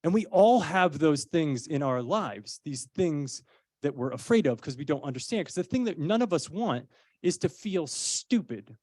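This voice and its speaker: A man's voice: a little high, animated, normal speed, darkish tone, no room sound, studio quality. A man, an actor and parent of a young child, giving an earnest, persuasive public speech with conversational personal stories. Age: adult parent of a young child. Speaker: actor speaking as a child-safety advocate.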